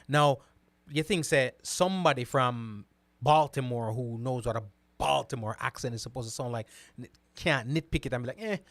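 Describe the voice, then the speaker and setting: A man hosting a show, reading out viewer comments and talking back to them in a casual, animated way, often repeating words and asking "right?". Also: medium pitch, dry recording. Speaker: host.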